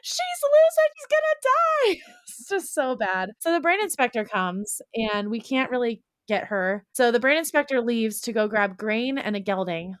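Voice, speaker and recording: A young adult woman in casual podcast chat, telling a rambling, animated story full of "like.". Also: a little high, normal speed, few pauses, smooth, no room sound, studio quality. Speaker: podcast guest or co-host.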